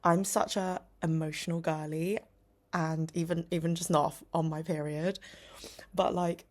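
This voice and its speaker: A woman's voice: deep voice, steady tone, moderate pace. A young woman vlogging casually at home, rambling with lots of fillers and often dropping to a whisper. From United Kingdom. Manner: many "like" fillers, self-interrupting. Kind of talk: casual vlog chat.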